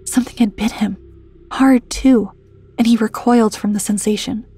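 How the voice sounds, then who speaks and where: A breathy woman narrates a horror story in a hushed, even voice that keeps sinking into whispers. Her tone is mellow and somewhat high, close to the mic. The recording is dry, with soft music playing underneath. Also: normal speed, no echo.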